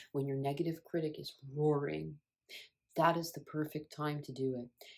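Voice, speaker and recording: A woman with a notably low voice speaks in a relaxed, conversational way about spiritual growth. She is earnest and drives points home by repeating her phrases, like a coach talking straight to the listener. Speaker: self-help coach. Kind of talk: casual spiritual coaching talk.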